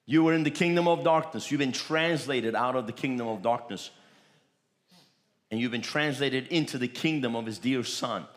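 A man's voice: mid-range voice, normal speed. A man preaching a sermon, with emphatic, repetitive declarations that rise in bursts.

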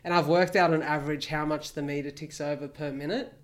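A man's voice: a little high, steady tone, brisk. A young Australian man co-hosting a podcast, telling a story in a blunt, sweary, laughing way. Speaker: podcast co-host. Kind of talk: casual storytelling chat.

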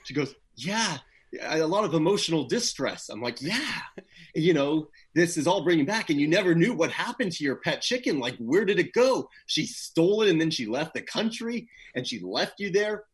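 A man's voice: fairly high pitch, very animated, normal speed, breathy edge. A man talking casually as an interview guest about his public relations work, laid-back and full of "you know" fillers, livening up when he tells a story. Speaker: guest, PR professional.

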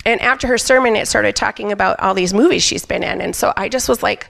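A woman's voice: medium pitch, fast talker, creaky, hardly any pauses, fairly bright tone. A middle-aged woman telling a candid, emphatic personal testimony on a church stage. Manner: candid, emphatic storyteller who quotes herself. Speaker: church member giving a testimony.

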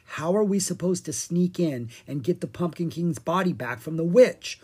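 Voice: mid-range voice, lively intonation, normal speed, dark tone, slightly rough, voice pushed up. A reader voicing a jumpy, complaining young male dragon in a children's storybook, squealing when scared. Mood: whiny.

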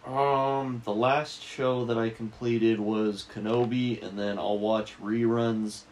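A man's voice: mid-range voice, steady tone, slow, darkish tone. A young man co-hosting a casual podcast, laid-back and swearing freely as he chats. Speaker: podcast co-host. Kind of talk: casual crude chat.

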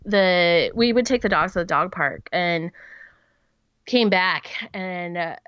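A woman in her thirties rambles through stories with frequent giggles and "um"s. Her voice is smooth and clean, recorded up close and dry, though the sound is a bit dull. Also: on the low side, slow pace, no echo. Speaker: podcast co-host. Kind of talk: casual storytelling.

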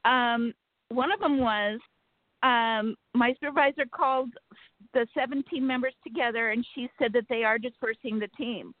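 A woman calling in to a talk show, telling her story in an earnest, frustrated way with many fillers and pauses. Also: a little high, no room sound. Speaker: caller. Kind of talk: phone-in storytelling. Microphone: telephone. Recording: phone line.

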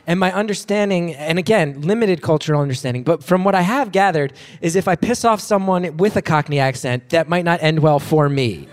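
A man's voice: a little high, fairly quick, few pauses, long reverb tail. A man hosting a live podcast, chatty and self-deprecating, often restarting his sentences. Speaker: podcast host. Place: live venue before an audience.

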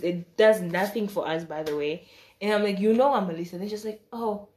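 A woman's voice: mid-range voice, normal speed. Chatty young woman telling a story. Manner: animated, acts out quoted dialogue with shifting voice; chatty and slangy, with asides and laughter. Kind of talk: casual storytime.

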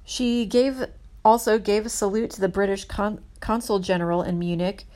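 A woman narrating history from her notes in a casual, earnest way, emphatic and halting with many restarts. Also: mid-range voice, steady tone, warm tone.

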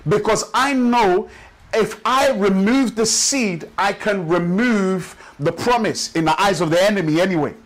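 Male pastor with a high voice, rhythmic repetitive sermon delivery. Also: poor audio. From Nigeria. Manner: rhythmic preaching with repeated phrases, slows for emphasis. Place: church service.

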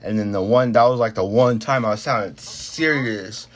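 A man's voice: on the low side, normal speed. Rambling young man, casual chat. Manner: rambling, full of fillers and restarts, swears freely. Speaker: podcast talker telling a work story.

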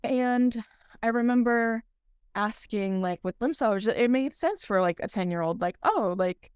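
A woman's voice: fairly high pitch, normal speed, a little mellow, smooth, dry recording, clean studio sound. A young woman co-hosting a podcast, telling her story in casual chat with lots of filler words and a laugh here and there. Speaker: podcast co-host.

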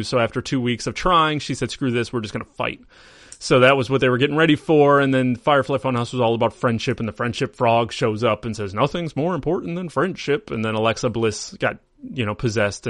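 A man's voice: medium pitch, a bit bright, no room sound, studio quality. A man hosting a podcast, chatting casually through a recap in a rambling, amused way and correcting himself as he goes. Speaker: podcast host. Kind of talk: casual wrestling recap chat.

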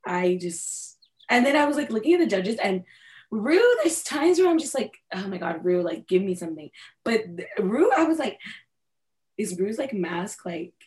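A woman's voice: medium pitch, sing-song, moderate pace, darkish tone. A woman co-hosting a podcast in casual, emotional chat, swearing freely and talking with feeling. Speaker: podcast co-host.

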